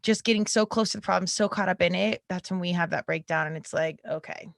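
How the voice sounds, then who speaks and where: Woman, podcast host, candid chatty monologue, some vocal fry, dry room. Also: on the low side, fast, dry recording. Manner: candid and conversational, laughing now and then. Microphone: podcast mic.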